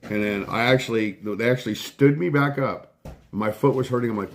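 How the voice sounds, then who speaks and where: A man's voice: mid-range voice, fairly quick, a little hiss or hum. A middle-aged man hosting a casual live stream from home, telling a rambling story full of swearing and breaking off to thank viewers. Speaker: livestream host.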